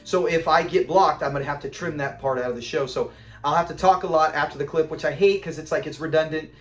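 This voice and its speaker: A man casually reviewing a classic sitcom episode, animated and laughing often as he acts out scenes. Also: on the high side, quick pace, reverberant. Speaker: show reviewer.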